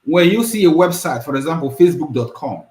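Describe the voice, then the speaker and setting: A man's voice: fairly high pitch, expressive, fast talker, a little mellow. Patient man explaining, echoey room. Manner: patient, explanatory, frequent "you know" and "yeah". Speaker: guest expert. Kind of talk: explaining in an interview.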